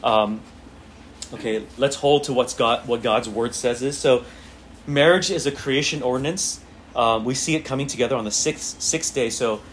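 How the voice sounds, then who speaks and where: A man leads a church Bible class, reading scripture aloud and explaining it in a loose, conversational way. He repeats phrases, restarts sentences and keeps checking in with his listeners. Faint background noise sits under his voice. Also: medium pitch.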